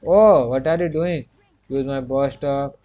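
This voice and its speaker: A man's voice: mid-range voice, unhurried, narrow, tinny audio. A man giving casual commentary while he plays a video game. He talks himself through each move, repeats short commands and keeps filling gaps with "you can say.". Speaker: gaming streamer.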